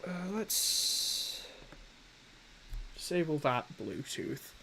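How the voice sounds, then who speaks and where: A man chatting casually on a live game stream, halting and self-mocking while he fumbles with his setup. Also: on the high side, very animated, vocal fry, very noisy. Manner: halting, fumbling through tech setup with many restarts.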